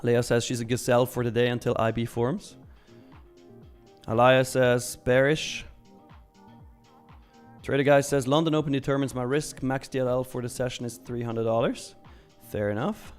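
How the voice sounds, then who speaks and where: A man's voice: mid-range voice, steady tone, moderate pace, pauses often, soft background music. A young man hosting a live stream, casually reading viewer messages aloud and answering them. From Switzerland. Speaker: live-stream trading host.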